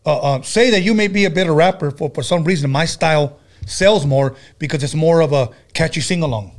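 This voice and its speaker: A man with a slightly high voice hosts a casual talk show. He jokes and swears freely, repeats himself often and drifts from story to story. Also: a little fast. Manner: loose, profane and joking, tells stories with many restarts. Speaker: podcast host. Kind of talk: casual chat.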